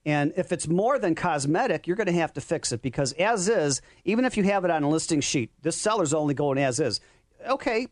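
A man's voice: a little high, dry recording. A man hosting a radio talk show, upbeat and enthusiastic, speaking in a studio.

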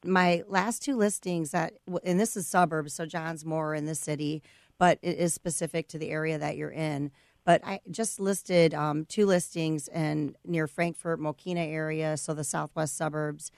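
An excited, out-of-breath female realtor with a lowish voice and a gravelly fry. The studio sound is dry and close. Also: normal speed, no room sound. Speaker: realtor guest. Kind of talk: radio interview chat.

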